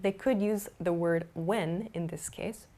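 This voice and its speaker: A woman explaining English grammar in a patient, clear lesson, with frequent small fillers. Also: on the low side, fairly even intonation, unhurried, dark tone. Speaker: English teacher.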